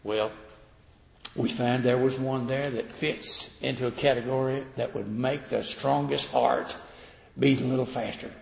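An older man preaching a sermon in a folksy, animated storytelling manner, acting out the voices he quotes. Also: mid-range voice, unhurried, vocal fry, a little hiss or hum. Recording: roomy hall reverb, dull lo-fi sound.

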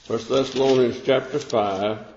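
A man's voice: mid-range voice, fairly even intonation, darkish tone, slight background noise. Older male preacher in an echoey hall. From United States. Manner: measured, conversational preaching with emphatic rises. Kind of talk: sermon. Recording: echoey hall, dull sound.

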